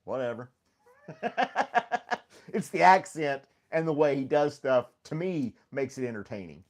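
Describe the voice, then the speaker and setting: A man streams live from home in a casual chat, rambling easily and laughing often as he greets viewers by name and reads the live chat. His voice is a little high and expressive, and his pace is measured.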